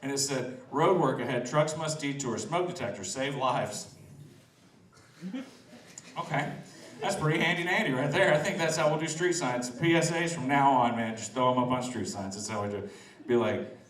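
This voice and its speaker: Stand-up guy cracking himself up, mid-pitch voice, echoey and picked up from a distance. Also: a little fast, fairly bright tone. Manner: loose, laughing, crowd-teasing delivery. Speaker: stand-up comedian. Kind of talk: open-mic stand-up set. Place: outdoors in front of a restaurant.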